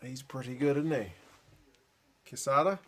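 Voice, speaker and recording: A man with a New Zealand accent hosting a late-night live reaction stream. He mutters asides and answers chat comments in a relaxed, tired way. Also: mid-range voice, a little slow, very noisy. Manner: relaxed, muttered asides and chatty replies to viewers.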